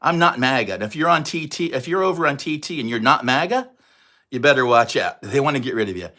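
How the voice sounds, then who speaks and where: A man in his sixties with a New York accent, chatting casually and fast on a livestream. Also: mid-range voice, expressive, sharp tone. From New York area, USA. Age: 60s. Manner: fast, chatty, reads out viewer comments. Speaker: livestream host.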